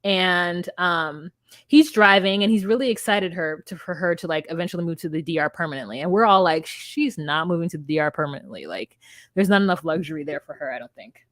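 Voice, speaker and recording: Blunt young woman co-host, lowish voice, dry close sound, casual recap chat. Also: brisk, no echo. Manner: blunt, swears freely. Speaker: podcast co-host.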